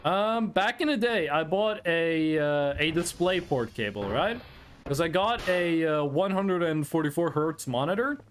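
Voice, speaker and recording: Young male streamer, high voice, animated delivery, loose rambling storyteller at a desk mic. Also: measured pace, a little hiss or hum. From Norway. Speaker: livestreamer. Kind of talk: casual chat with chat.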